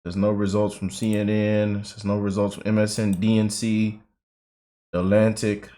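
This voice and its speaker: Give me an emotional man talking to his viewers in a slightly low voice, circling back with "you know, man". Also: completely flat delivery, normal speed, mellow. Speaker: commentary channel host. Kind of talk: emotional political commentary.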